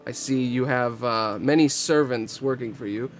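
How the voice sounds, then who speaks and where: A man's voice: mid-range voice, normal speed, soft background music, close to an everyday voice. A man voicing a pompous, bossy middle-aged repairman who bullies his helper and fawns on customers. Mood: smarmy. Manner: pompous, overbearing, oily to customers.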